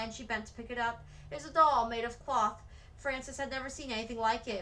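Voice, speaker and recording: A woman reading a children's novel aloud at a steady storybook pace. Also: a little high, low-quality recording. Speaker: read-aloud narrator.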